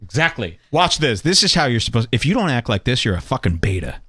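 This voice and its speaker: Animated, bright-voiced sarcastic man. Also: medium pitch, fast talker, a little hiss or hum. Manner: sarcastic, profane, mock-tough. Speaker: podcast host. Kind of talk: casual comedic chat.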